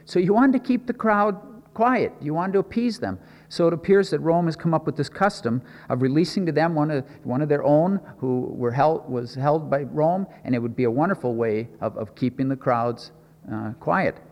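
A man's voice: fairly high pitch, normal speed, a little mellow, in a large hall. A man preaching in a conversational, explanatory way, asking the audience questions as he teaches a Bible passage.

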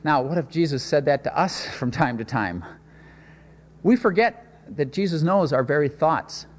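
A man preaching a sermon, telling a scripture story with dramatic swings between loud and soft. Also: a little high, moderate pace. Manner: expressive storytelling with sudden swings in loudness. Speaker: pastor. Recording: long hall reverb.

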